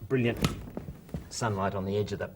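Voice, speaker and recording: A man's voice: lowish voice, fairly even intonation, brisk, heavy background noise. A man chatting while he paints on a television talk show, narrating his brush strokes and telling jokes. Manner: rambling, self-narrating, jokey. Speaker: guest painter. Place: TV studio.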